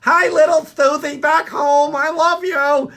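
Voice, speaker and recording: Man putting on a high, slow, sing-song bystander waving at the camera. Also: steady tone, sharp tone, full character voice. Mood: gushing. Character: excited TV bystander waving at family.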